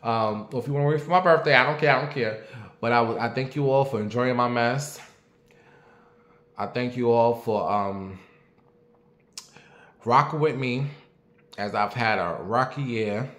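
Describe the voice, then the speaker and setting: A late-thirties man runs his own show from home, talking bluntly and cursing plenty in a casual monologue while asking what his audience thinks. He has a mid-range, slightly bright voice and a measured pace with long pauses. The space is echoey.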